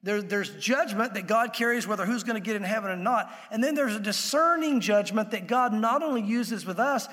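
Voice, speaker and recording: A man's voice: high-pitched, a little fast, hardly any pauses, fairly bright tone. A man preaching a conversational sermon as a pastor. He talks to the congregation directly and acts out the voices he quotes. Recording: long hall reverb.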